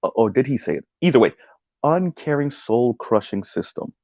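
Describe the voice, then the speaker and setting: A man's voice: mid-range voice, animated, moderate pace, dark tone, no echo, dull audio. A man giving casual livestream commentary on a video essay, rambling with many ums and tagging his points with "right?". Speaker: streamer reacting to a video essay.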